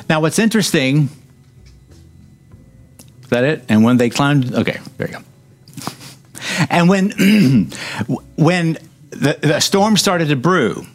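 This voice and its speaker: A man preaching a sermon, reading scripture and breaking into joking asides, hammering points with repetition. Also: mid-range voice.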